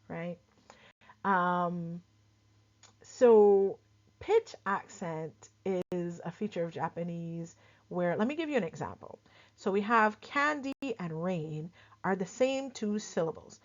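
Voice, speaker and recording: A woman from Barbados with a lightly softened Barbadian accent, chatting casually as she explains, full of quick examples and asides. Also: medium pitch, lively intonation. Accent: Barbadian, softened for clarity. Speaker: culture explainer host. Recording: dull lo-fi sound.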